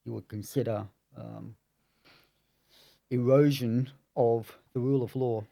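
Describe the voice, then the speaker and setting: A man working as a family lawyer, explaining court procedure in a measured, lawyerly way on a podcast. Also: medium pitch, fairly even intonation, vocal fry, mellow, no room sound.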